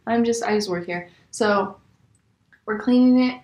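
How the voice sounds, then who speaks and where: A young woman vlogger telling casual stories about rude customers, animated and exasperated, her voice jumping high in disbelief. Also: a little slow. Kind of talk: casual storytelling. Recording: echoey room.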